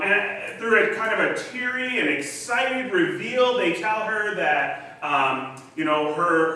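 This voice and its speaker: His voice sits high and sounds pushed and bright as he delivers a conversational sermon from a church sanctuary. The man preaches as pastor in a casual, talky style, stopping to say um and begin again often. Faint hiss and heavy echo come through, since the mic is distant in the hall.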